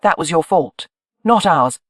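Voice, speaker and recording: Reader voicing a reproachful mother in her forties, crisp, cold, dry close sound, audiobook. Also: mid-range voice, animated, normal speed, no room sound, close to an everyday voice. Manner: crisp, accusing.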